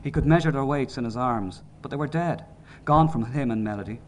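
A man reading a novel aloud in measured, sombre narration. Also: medium pitch, a little mellow, a little hiss or hum. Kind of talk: audiobook narration.

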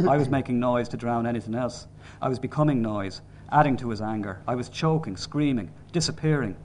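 A man reading a novel aloud in measured, sombre narration. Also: mid-range voice, a little mellow. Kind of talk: audiobook narration.

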